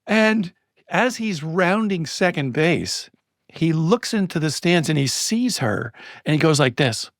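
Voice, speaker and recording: Man, middle-aged, animated storyteller, slightly high voice, dry close sound. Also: unhurried, no echo. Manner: lively storyteller, building excitement. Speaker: guest speaker on storytelling. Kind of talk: personal anecdote in a podcast interview.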